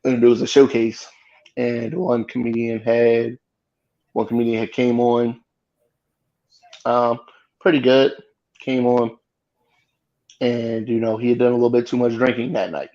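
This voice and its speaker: A man, a guest comedian, telling a story in casual chat with lively, freely swearing delivery. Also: mid-range voice, measured pace, long pauses, dull audio. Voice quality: animated retelling, swearing freely.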